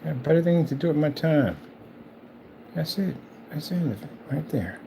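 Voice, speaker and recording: A man's voice: a little high, expressive, normal speed, gravelly, mellow, slight background noise. A man hosting his own channel, talking casually and teasingly in a rambling, repetitive way while he paints at home. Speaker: channel host. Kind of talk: casual trash-talking monologue.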